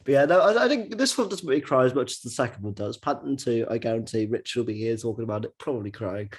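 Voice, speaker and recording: A man's voice: mid-range voice, animated, fast, husky. A man hosting a casual film podcast, rambling and laughing often as he talks. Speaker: podcast host. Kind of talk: casual chat.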